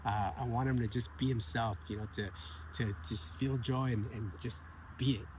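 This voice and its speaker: A man's voice: medium pitch, moderate pace, noisy background. Earnest man telling a heartfelt story. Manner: earnest, animated, repeats phrases and laughs often. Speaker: vlogger sharing personal stories. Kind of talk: heartfelt casual storytelling to camera.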